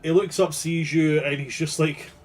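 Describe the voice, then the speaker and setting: A man's voice: a little high, steady tone, normal speed. A man narrating as game master in a casual, sweary way, often restarting his sentences.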